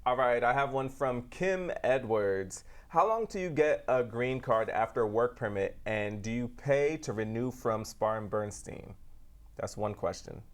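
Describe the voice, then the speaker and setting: A man's voice: mid-range voice, animated, measured pace. Guy co-hosting a talk show, reads out questions, laid back, throws in jokes. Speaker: co-host reading viewer questions. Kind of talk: live talk show banter.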